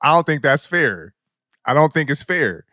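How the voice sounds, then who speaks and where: A young man hosts a podcast and tells comedic stories in a slangy, profane, animated way. He laughs constantly, and his voice sits a bit high. The recording is close and dry, with no room sound. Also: normal speed, dry recording. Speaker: podcast host. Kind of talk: comedic storytelling.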